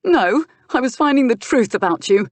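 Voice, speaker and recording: A jealous young nobleman bursts out in raised, shouting lines, his voice pitched well above the reader's own and pressed hard. A woman reads him in an audiobook. The sound is close and dry. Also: lively intonation, moderate pace, no room sound. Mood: angry. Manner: shouting, sneering outbursts. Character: young hot-headed duke, jealous and furious. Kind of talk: audiobook character voice.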